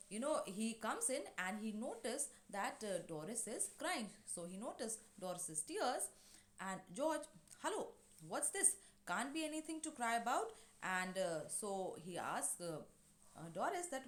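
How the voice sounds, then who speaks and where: A woman teacher explains a play to her class slowly, restating things with many fillers. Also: on the high side, reverberant. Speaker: English teacher.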